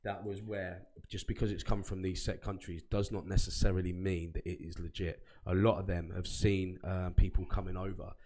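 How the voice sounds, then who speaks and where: A man's voice: low-pitched, little pitch movement, moderate pace, hardly any pauses, a little mellow. A man, co-hosting a casual podcast and teasing his partner with sweary banter. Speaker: podcast co-host.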